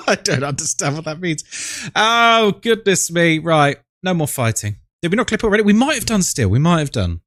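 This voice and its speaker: A man's voice: a little high, very animated, normal speed, a bit bright, no room sound, clean studio sound. A man hosting a live stream, greeting his viewers by name in a chatty, playful, affectionate way.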